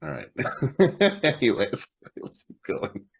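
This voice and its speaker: Husky-voiced man chatting about films. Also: medium pitch, very animated, takes it slowly. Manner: laid-back, swears, laughs often. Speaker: podcast co-host. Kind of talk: casual movie discussion.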